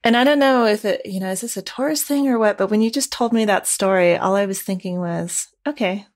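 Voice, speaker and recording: A woman's voice: mid-range voice, a little fast. A woman in her forties hosting a podcast, chatting casually with an upbeat, affirming manner. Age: 40s. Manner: upbeat, affirming, laughs easily. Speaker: podcast host. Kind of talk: casual interview chat.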